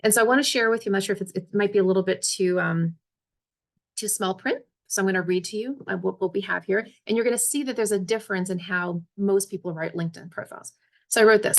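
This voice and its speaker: A woman's voice: mid-range voice, fast talker, vocal fry. A woman presenting a career webinar as a resume coach, talking casually and checking in with her listeners often.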